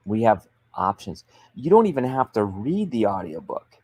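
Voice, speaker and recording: A man with a lowish voice talks on a livestream, coaching authors with emphatic, persuasive energy. The sound is close and dry, with no room around it. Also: big pitch swings, normal speed, hardly any pauses, warm tone, slightly rough, dry recording. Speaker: author coach and show host. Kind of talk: livestream business talk.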